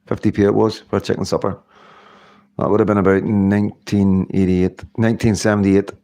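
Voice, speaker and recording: A man's voice: on the low side, flat delivery, fairly quick, warm tone. A middle-aged man hosting a casual livestream, chatting in a rambling way and laughing often. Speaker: livestream host. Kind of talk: casual live-stream chat.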